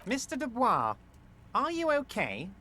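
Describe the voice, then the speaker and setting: An actor playing a smug, smooth-talking union boss in a video game, patronizing and falsely soothing. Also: male voice, extremely high pitch, wildly swooping pitch, a little slow, bright, forceful tone, exaggerated voice. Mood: falsely reassuring. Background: faint game music.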